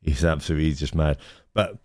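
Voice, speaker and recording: A fast-talking man with a rumbling low, slightly mellow voice and little pitch movement co-hosts a casual podcast. It's recorded live indoors with a dry, clean studio sound, and he rambles, restarts sentences, repeats words and laughs at his own stories.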